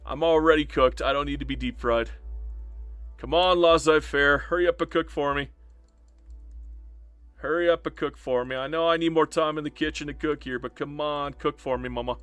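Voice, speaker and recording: A man's voice: on the high side, steady tone, normal speed, a bit bright, dry recording, soft background music. A man streaming a strategy game live, chatting casually to himself and his viewers, swearing and joking as he plays. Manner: chatty, talks to himself and chat, swears and jokes. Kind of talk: live gameplay commentary.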